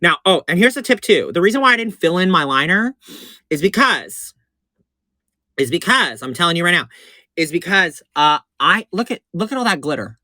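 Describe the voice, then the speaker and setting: A man giving a live makeup tutorial in a sassy, excitable way, swooping between chirpy highs and low purring asides and repeating his instructions. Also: moderate pace, no room sound. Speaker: drag performer doing a makeup tutorial.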